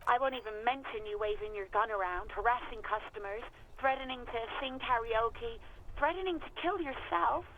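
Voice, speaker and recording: A woman's voice: a little high, moderate pace, lo-fi sound, background noise, close to an everyday voice. A woman voicing a weary young former hotel clerk who talks bluntly and with exasperation. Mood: exasperated.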